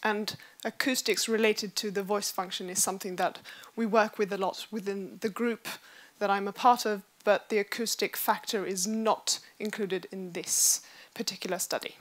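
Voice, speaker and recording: A woman's voice: mid-range voice, steady tone, normal speed. A woman researcher giving a conference presentation, explaining her study with frequent fillers. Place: lecture hall.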